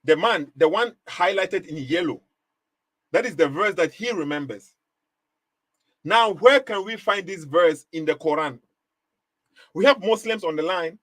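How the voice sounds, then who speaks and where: Hosting a live commentary stream, this man speaks in a high, expressive, slightly bright voice at a measured pace with long pauses. He presses his point emphatically and repetitively through rhetorical questions, punctuated by short laughs, on a dry recording.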